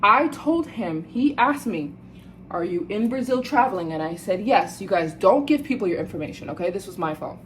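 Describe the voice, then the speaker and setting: An American woman vlogging to her viewers, telling a story in a lively, indignant way and often calling out to "you guys.". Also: medium pitch, normal speed, slight background noise, low-quality recording. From United States. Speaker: travel vlogger. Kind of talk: casual storytelling to camera.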